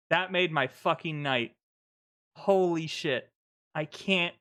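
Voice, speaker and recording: A man streaming live, reacting to a trailer with excited, swear-filled gushing like a fanboy. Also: a little high, clear, resonant tone.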